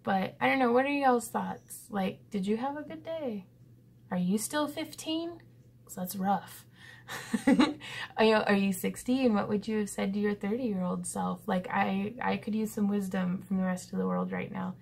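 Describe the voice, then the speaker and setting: A woman's voice: mid-range voice, moderate pace, vocal fry, breathy edge. A woman in her thirties talking to her viewers in a casual, reflective vlog, earnest and rambling with lots of fillers. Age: 30s. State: pensive. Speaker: vlogger.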